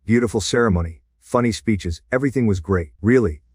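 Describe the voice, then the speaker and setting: A man narrating a reddit story as a scripted read, with a steady, even delivery. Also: fairly low pitch, fairly quick, breathy edge, no echo, clean studio sound.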